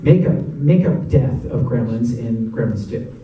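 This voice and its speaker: Animated man in an echoey cinema. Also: medium pitch, measured pace, recorded from a distance, dull audio. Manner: animated, chatty, laughs often. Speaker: actor and guest of a Q&A. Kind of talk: audience Q&A storytelling. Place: cinema auditorium.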